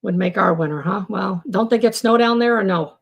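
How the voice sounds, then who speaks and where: A woman's voice: mid-range voice, fairly quick, creaky, slightly rough. A woman hosting a casual live stream about mental health. She rambles, restarts her sentences and fills them with "you know" and "um" as she chats with viewers in the comments. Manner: rambling, with many fillers and restarts.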